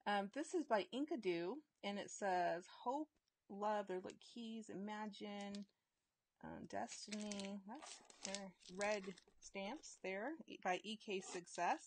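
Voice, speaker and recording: A woman's voice: medium pitch, takes it slowly, a little hiss or hum. A woman hosting a casual live-stream giveaway, bubbly and chatty, laughing often and reading out viewer comments as she unpacks items. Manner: chatty, trails off and restarts.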